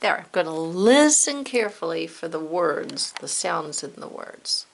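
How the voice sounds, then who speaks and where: A woman teacher leading a children's spelling lesson, upbeat and playful, encouraging her pupils and sounding words out slowly. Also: lowish voice, sing-song, creaky, a little hiss or hum.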